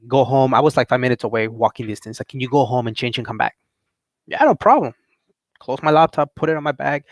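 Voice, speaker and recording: A young man rambles through a personal story in a relaxed, unscripted way. He laughs often and gets animated when quoting other people. His voice sits at an ordinary middle pitch, recorded dry and close. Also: no room sound. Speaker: channel host. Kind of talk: casual storytelling rant.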